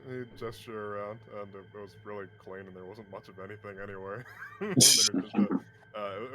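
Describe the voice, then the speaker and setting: Low-voiced man narrating a game. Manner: casual, hesitant, laughs often. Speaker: game master. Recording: with music behind.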